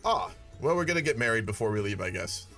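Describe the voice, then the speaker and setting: A man's voice: fairly low pitch, sing-song, fast, sharp tone, faint music behind. A man giving casual, profane gameplay commentary with wry asides. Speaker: gaming video creator.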